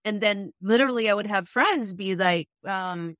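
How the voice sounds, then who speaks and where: A woman's voice: mid-range voice, normal speed, a bit bright, no echo. Brief: woman host, casual and chatty, quotes herself, dry booth sound. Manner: chatty, acts out her own past remarks, trails off. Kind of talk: casual conversational interview.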